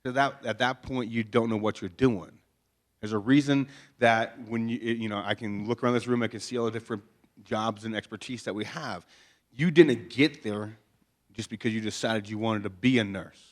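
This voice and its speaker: A man's voice: fairly low pitch, fairly even intonation, normal speed. A man preaching a conversational sermon in a chapel, folksy and joking, with many rhetorical questions. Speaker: pastor. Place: chapel before a congregation.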